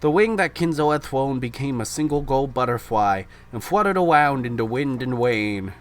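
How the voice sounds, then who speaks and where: Reading a visual novel aloud on his podcast, a young male host speaks with a mid-range voice, lively intonation and moderate pace. He stops now and then to chat and laughs at himself in a self-deprecating way.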